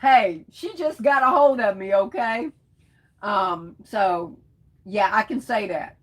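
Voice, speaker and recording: A woman's voice: medium pitch, lively intonation, takes it slowly, breathy edge, poor audio. This is a woman hosting a laid-back live stream, working her way through viewer comments one by one. She reads each one aloud and answers with easy pet names like sweetheart. Her talk is loose and chatty, with plenty of casual fillers. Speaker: livestream host reading viewer comments.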